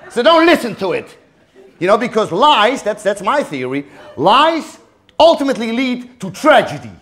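Very high-voiced comedian. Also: male voice, very animated, normal speed, fairly bright tone, a faint crowd. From Netherlands. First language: Dutch. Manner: mock-earnest, stammering repetitions, chuckling. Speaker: stand-up comedian. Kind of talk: live stand-up comedy. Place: theater stage.

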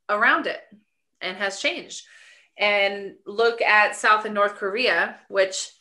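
Bright-voiced woman in earnest chat. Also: medium pitch. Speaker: life coach and podcast co-host. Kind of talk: reflective casual podcast chat.

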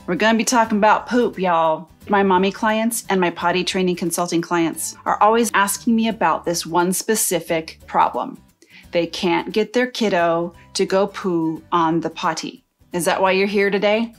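Woman, middle-aged, parenting advice, chatty, animated. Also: fairly low pitch, normal speed, soft background music. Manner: chatty, animated, acts out kid and mom lines. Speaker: nanny and potty training consultant.

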